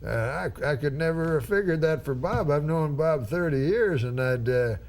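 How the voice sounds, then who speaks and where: A man imitating a blunt, folksy older male president with a slow rural drawl. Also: fairly high pitch, darkish tone, slight background noise, natural voice.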